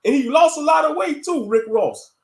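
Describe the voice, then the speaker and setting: A man's voice: extremely high pitch, lively intonation, moderate pace, vocal fry. A man in his late thirties hosting a casual commentary monologue, thinking aloud and turning preachy. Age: late 30s. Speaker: host.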